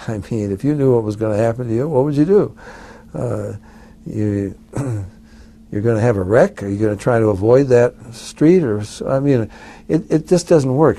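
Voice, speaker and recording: A man's voice: medium pitch, moderate pace, warm tone. A man, an author, speaking conversationally to an audience with chatty asides.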